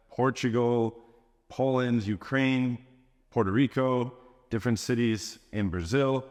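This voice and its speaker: A man's voice: medium pitch, long reverb tail. A man giving a social media monologue as a dating coach, assertive and declarative.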